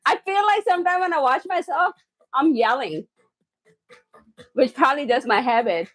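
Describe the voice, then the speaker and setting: A woman hosting a live cooking stream from her home kitchen, excitable and loud, often laughing at herself as she chats with viewers. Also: high-pitched, normal speed, dry recording.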